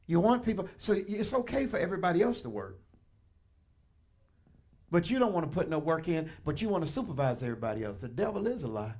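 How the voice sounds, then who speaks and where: A man pastor preaching a sermon in a church, animated and colloquial, addressing the congregation directly with punchy asides. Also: on the high side, quick pace. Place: church sanctuary.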